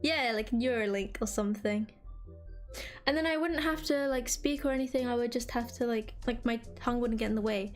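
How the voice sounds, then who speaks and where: Chirpy high-voiced young woman streamer. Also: fairly quick. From England. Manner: rambling, filler-heavy, chirpy. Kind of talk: casual chat with viewers. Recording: faint music behind.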